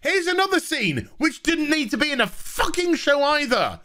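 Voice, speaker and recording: A man's voice: extremely high pitch, big pitch swings, moderate pace, sharp tone. A man giving a sarcastic, profane TV review rant. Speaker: host. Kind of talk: ranting TV review.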